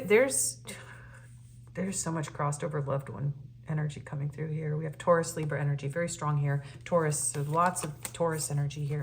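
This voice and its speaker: A woman giving a casual, earnest and emotional tarot reading, often pausing on fillers and restarting her sentences. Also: lowish voice, a little hiss or hum. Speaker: tarot reader.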